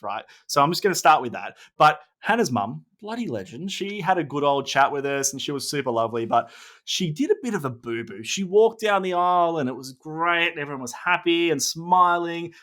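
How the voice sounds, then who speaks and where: A man, a wedding photographer co-hosting a podcast, telling stories in a laughing, animated way. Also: fairly high pitch. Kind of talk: casual podcast chat.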